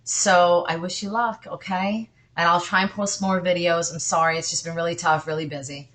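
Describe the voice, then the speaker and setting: A woman's voice: fairly low pitch, steady tone, normal speed, fairly bright tone. A woman doing a casual tarot reading for her viewers, chatty and reassuring, breaking off often for apologetic asides. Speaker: tarot card reader.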